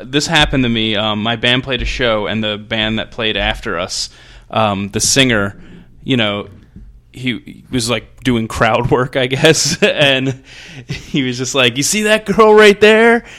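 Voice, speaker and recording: Bright-voiced man laughing through movie chat. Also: mid-range voice, fairly even intonation, unhurried. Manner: laughs often, jumps into playful voices. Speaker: podcast co-host, plays in a band. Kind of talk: casual movie review chat.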